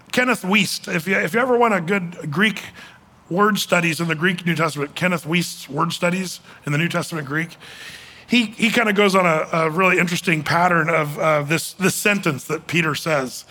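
A man's voice: fairly high pitch, sharp tone. A man giving a casual Bible teaching as a pastor, chatty and emphatic, with frequent fillers and restarts.

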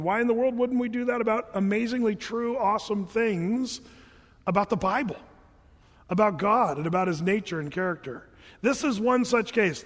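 A man preaching a sermon as a pastor, chatty and animated, sometimes chanting scripture lines. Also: sits high. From Oregon. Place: church hall. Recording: reverberant church hall.

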